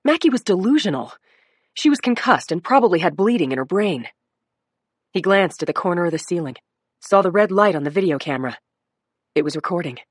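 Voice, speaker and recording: A woman's voice: lowish voice, animated, brisk, pauses often, slightly rough, dry recording, studio quality. A woman reading a crime audiobook in a dramatic narration style. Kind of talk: scripted narration.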